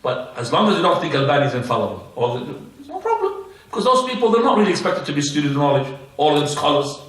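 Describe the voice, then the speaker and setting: Animated male teacher, echoey and distant. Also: a little high. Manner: animated, rhetorical questions and quick answers. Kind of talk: religious lesson. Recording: echoey room, mic far off.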